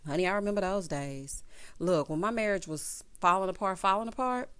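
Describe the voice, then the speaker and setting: A woman's voice: mid-range voice, brisk, a bit bright, smooth. A woman vlogger giving a casual, sassy recap commentary, calling people "honey" and "child".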